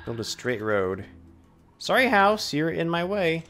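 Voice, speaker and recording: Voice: medium pitch, sing-song, a little slow, fairly bright tone, faint music behind. A let's play host doing gaming commentary, ranting at the game and talking to it as if it were a person.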